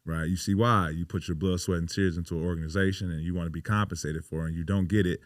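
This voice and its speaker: On a podcast, a thirtysomething pro basketball player spins casual, emphatic stories peppered with curses and "you know." His voice is low, his intonation fairly even, and he moves at a quick pace. The audio is dry and studio quality.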